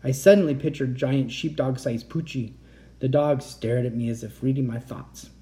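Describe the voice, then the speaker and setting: A man reading a children's chapter book aloud in a lively storytelling way. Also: mid-range voice, normal speed. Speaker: audiobook reader. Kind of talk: scripted narration.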